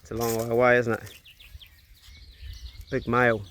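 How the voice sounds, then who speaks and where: A man's voice: medium pitch, monotone, moderate pace, a bit bright. A man chatting offhand about his dogs as he walks them on a farm, filmed on a handheld phone outdoors. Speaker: farm vlogger. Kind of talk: casual narration while walking.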